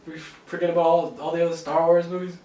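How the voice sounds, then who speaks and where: A young man co-hosting a casual movie discussion, animated and quick to laugh, acting out lines as he talks. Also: a little high. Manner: animated, laughing, swearing, acts out quotes. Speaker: podcast co-host. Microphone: camera mic. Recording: roomy, distant camera mic.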